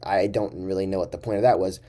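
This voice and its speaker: Low, mellow-voiced young man ranting casually. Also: steady tone, fast talker. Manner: rambling, profane, exaggerated storytelling. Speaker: vlogger. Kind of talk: casual storytelling to camera.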